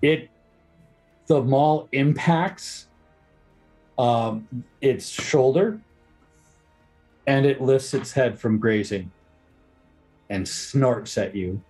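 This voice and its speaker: Guy dm-ing a tabletop game, mellow husky voice, chill, faint music under it. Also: medium pitch, drawn-out words, pauses often. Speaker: dungeon master.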